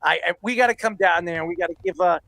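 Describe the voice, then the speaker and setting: A man hosting a sports talk show with a gravelly, fry-laden voice that sits a little high. He rambles warmly and drops his voice when he gets emotional. The sound is dry and close to the mic. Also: fast, dry recording, poor audio. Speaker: podcast host.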